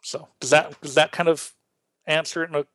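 A man's voice: fairly high pitch, level tone, a little fast, fairly bright tone, no echo. A man from Illinois hosting a Lutheran podcast, teaching in a casual chat with earnest, stammering restarts. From Illinois, USA.

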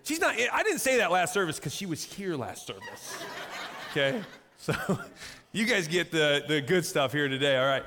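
A pastor telling a personal story in a sermon, animated and self-mocking, laughing often at himself. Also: male voice, a little high, moderate pace, noisy background. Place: church sanctuary. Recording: echoey hall reverb.

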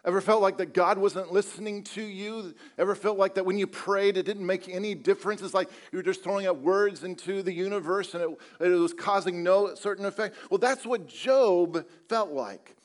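Man preaching a sermon, slightly high voice. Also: normal speed, few pauses. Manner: conversational preaching with repeated rhetorical questions. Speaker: pastor.

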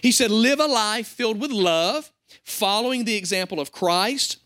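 A man's voice: high-pitched, normal speed, fairly bright tone. A young adult man pastor preaching a sermon to his congregation, conversational and joking.

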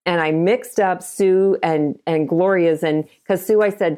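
A woman's voice: fairly low pitch, fairly even intonation, fairly quick, hardly any pauses, dark tone. A middle-aged woman from Ohio, a realtor and broker, telling stories in a casual interview and acting out the quotes. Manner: chatty storytelling, acts out quotes. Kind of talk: conversational interview.

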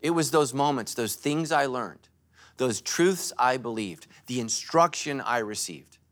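A male pastor giving a sermon at a church service, joking and telling animated stories. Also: medium pitch, a little slow. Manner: animated, joking, storytelling preacher.

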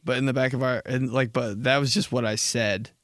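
A young man hosting a podcast, rambling through a comic story and dropping into slow, low voices when he quotes people. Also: fairly even intonation, fairly bright tone, no room sound, studio quality. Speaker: podcast host. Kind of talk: casual comedic monologue.

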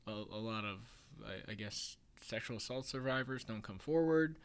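A man's voice: lowish voice, normal speed, smooth. A man in his thirties hosting a podcast, chatting casually with lots of fillers, restarts and wry asides. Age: 30s. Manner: rambling, filler-heavy, self-interrupting; wry, chuckles at his own jokes. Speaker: podcast host.

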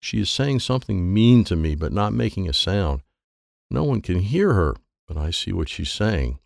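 A man narrates a children's storybook in simple, childlike first-person sentences. His voice sits low with a gravelly grain and very wide swings in pitch. The recording is close and dry. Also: big pitch swings, moderate pace, no room sound. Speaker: audiobook narrator.

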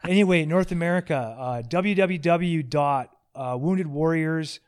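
A man with a slightly higher voice hosts a relaxed podcast chat. He rambles and jokes, often at his own expense, and keeps a loose, friendly flow. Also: a little slow, clean tone. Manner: joking, rambling, self-deprecating. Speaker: podcast host.

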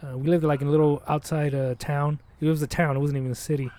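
A young man tells a rambling story in casual chat, swearing freely and acting out lines of dialogue. He talks quickly in a slightly high voice. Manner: rambling, profane, animated, acts out quotes.

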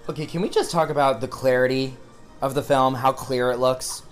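A man's voice: medium pitch, steady tone, fairly quick, soft background music. A man co-hosting a casual podcast, joking and swearing while watching a movie. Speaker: podcast co-host.

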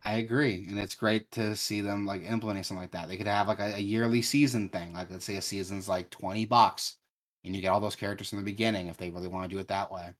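A young man co-hosting a gaming news podcast in casual chat, swearing freely and telling stories with lively energy. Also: lowish voice, quick pace. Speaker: podcast co-host.

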